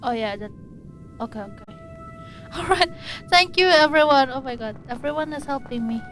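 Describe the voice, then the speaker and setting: A woman's voice: sits high, normal speed, a bit bright, faint music behind. A woman streamer giving casual gameplay commentary, jumpy and giggly, easily startled.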